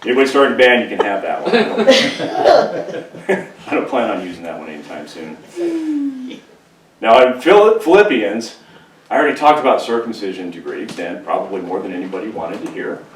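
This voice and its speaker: Lively joking man preaching from a pulpit, lowish voice, echoey room, distant mic. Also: moderate pace, long pauses, slight background noise. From California. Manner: joking, conversational, animated storytelling. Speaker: pastor. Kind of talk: humorous sermon. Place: church sanctuary.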